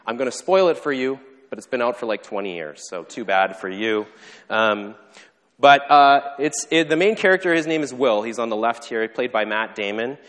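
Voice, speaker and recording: A man preaching a sermon, telling a story earnestly and falling to a soft hush when he quotes the characters. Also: medium pitch, animated, normal speed. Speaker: pastor. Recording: long hall reverb.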